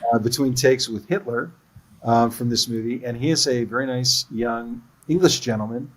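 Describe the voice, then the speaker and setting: A man's voice: mid-range voice, normal speed, fairly bright tone, breathy edge, poor audio. A man who is a film producer, telling earnest stories about a production in a livestream interview.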